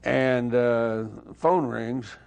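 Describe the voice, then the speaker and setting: An older man telling anecdotes in a casual interview, lively and acting out the dialogue he remembers. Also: mid-range voice, drawn-out words, creaky, smooth. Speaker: interview guest, former touring guitarist.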